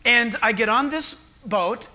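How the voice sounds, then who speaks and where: A man's voice: very high-pitched, unhurried, pushed and bright. A man, a pastor preaching a sermon, telling stories with acted-out voices and laughter.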